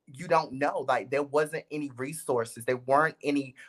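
Guest in an interview thinking out loud, lots of ums, middle pitch. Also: normal speed. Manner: reflective, many "um"s. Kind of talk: casual interview talk.

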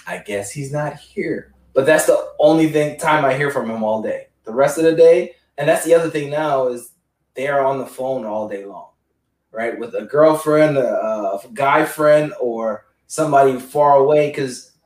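A man who looks after his father tells rambling stories in a casual group chat, acting out the voices of the people he quotes. His voice is medium-pitched, moderately paced and a little mellow, picked up by a roomy, distant mic.

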